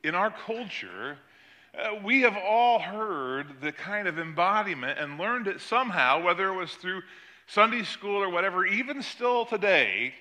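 A man's voice: animated, a little slow, bright, forceful tone. An older man, a pastor, preaching a sermon and telling a story about his granddaughter. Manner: storytelling, acts out quoted voices with rising pitch.

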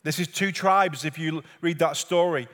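Male pastor with a high voice, earnest repetitive preaching, long church-hall reverb. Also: normal speed, a bit bright. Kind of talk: sermon. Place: church sanctuary.

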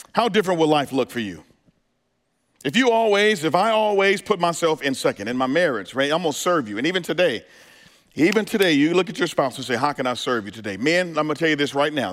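A man's voice: fairly high pitch, fairly bright tone. A male pastor preaching a sermon, firing questions at his congregation and asking if they are ready. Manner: preaching with call-and-response asides to the congregation. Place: church sanctuary. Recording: hall reverb.

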